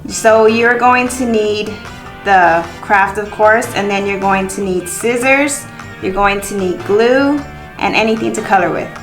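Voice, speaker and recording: A woman walks children through a paper craft in a friendly, clear voice, pacing her instructions so they can follow. Her voice sits in a middle range and rings in a noticeably echoey room. Soft music plays faintly behind her. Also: medium pitch, a little slow. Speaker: craft teacher on a kids' show.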